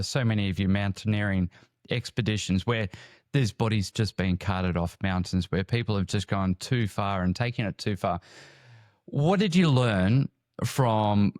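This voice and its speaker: A man hosts a podcast interview and asks measured, prompting questions. His voice is fairly low. The sound is close and dry. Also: no echo.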